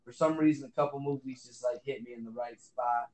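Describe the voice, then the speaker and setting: A man's voice: medium pitch, steady tone, brisk, a little mellow, reverberant, rough recording. A man co-hosting a casual podcast, rambling with lots of fillers and swearing. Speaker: podcast co-host. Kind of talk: casual chat.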